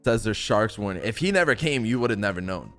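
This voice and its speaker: A young man in casual podcast chat, slangy and profane, reacting with quick interjections. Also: on the low side, animated, a bit bright, faint music behind.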